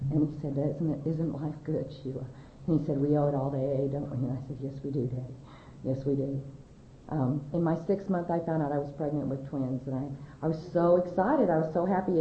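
A middle-aged woman from California telling her recovery story to a crowd, rambling and conversational with many fillers and restarts. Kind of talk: personal testimony talk to an audience. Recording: echoey hall, dull lo-fi sound, faint rumble.

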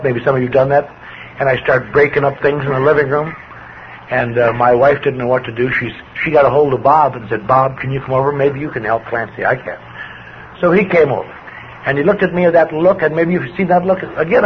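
An older man giving a plainspoken personal testimony to a recovery group, his voice swinging with emotion as he tells his story. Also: a little high. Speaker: recovery speaker. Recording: dull lo-fi recording with faint hiss.

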